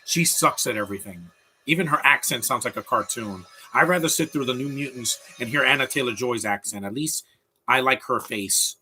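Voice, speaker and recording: A man's voice: medium pitch, pushed and bright, slight background noise. A man giving live commentary over a film, opinionated and rambling, often restarting his sentences as he rants.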